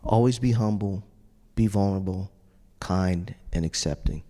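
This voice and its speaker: Lowish-voiced man telling a story in a hall. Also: normal speed. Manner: animated storyteller, acts out quoted voices and laughs often. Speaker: trumpet player on a judges panel. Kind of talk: storytelling to an audience. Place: large hall. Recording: long reverb of a large hall.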